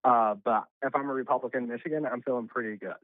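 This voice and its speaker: A man calling in as a political commentator, speaking brisk and emphatic with frequent fillers over a phone line. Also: mid-range voice, steady tone, no room sound.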